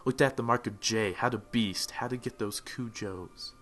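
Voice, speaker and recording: A young man giving mock-dramatic motivational narration for a gaming video, swelling into loud, fervent peaks. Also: medium pitch, normal speed. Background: faint music.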